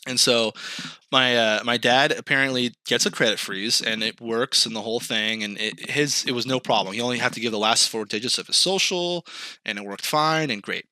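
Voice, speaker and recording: A young man, a podcast host, chatting casually and telling an animated story, acting out quotes, swearing and laughing along. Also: mid-range voice, brisk, dry recording. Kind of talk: casual chat.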